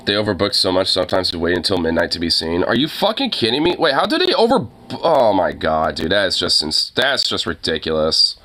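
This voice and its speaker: A man's voice: low voice, wildly swooping pitch, a little fast, few pauses, bright, forceful tone. A young man ranting casually, with lots of fillers and swearing, sounding exasperated. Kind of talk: casual profane rant.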